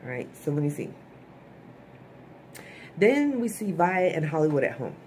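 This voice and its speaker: Woman, low voice, casual blunt TV recap, chatty and opinionated. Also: sing-song, normal speed, a little mellow, a little hiss or hum. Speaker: TV episode reviewer.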